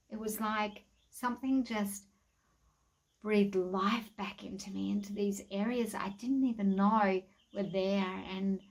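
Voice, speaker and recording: A woman's voice: medium pitch, vocal fry. A woman sharing an emotional personal testimony about her farm, speaking earnestly with many restarts. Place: outdoors in a farm paddock.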